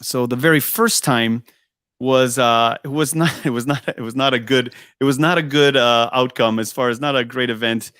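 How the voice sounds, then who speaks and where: In this casual interview, a guest musician recalls life on the road in a clear, resonant, medium-pitched voice at a moderate pace. The studio sound is clean with no echo, and he animates his tales with frequent laughs, voiced dialogue, and repeated "I go."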